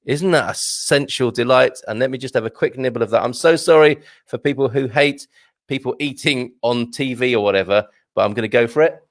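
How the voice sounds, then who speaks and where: A man's voice: medium pitch, fairly quick, dry recording. A man hosting a morning live stream, chatting casually and joking as he reads out viewer comments from a home studio. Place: home studio with a green screen.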